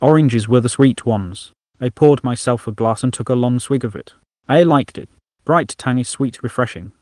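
A man narrates a science fiction story in a wry, deadpan storyteller's way. His voice sits at a middling pitch. The recording is dry with no room sound. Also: moderate pace, no room sound.

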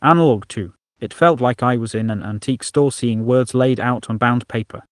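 Steady male storybook narrator. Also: mid-range voice, moderate pace, no echo, studio quality.

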